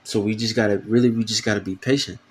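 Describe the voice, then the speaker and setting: A man's voice: fairly low pitch, fairly even intonation, fast, slight background noise. A man giving an informal video sermon, casual and profane, full of fillers, reading scripture aloud between comments. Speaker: preacher.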